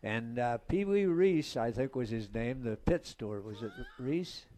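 An older man settles into a long, meandering story as a guest on a casual show, chuckling between lines. His voice sits at an ordinary middle pitch. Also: lively intonation, a little slow, mellow. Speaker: guest, former race car driver.

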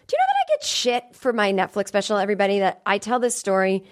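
A woman's voice: mid-range voice, fast. A woman in her thirties hosting a comedy podcast from a studio, chatting casually and acting out the voices of people in her stories. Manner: chatty, animated storyteller acting out quoted voices. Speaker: podcast host.

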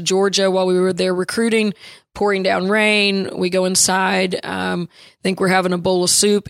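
A woman coach recalls a story in an interview, speaking reflectively with frequent pauses and restarts. Her voice is gravelly and fairly flat in pitch. The sound is dry and close. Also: no room sound. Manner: reflective, halting with fillers and restarts. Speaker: women's basketball coach, guest.

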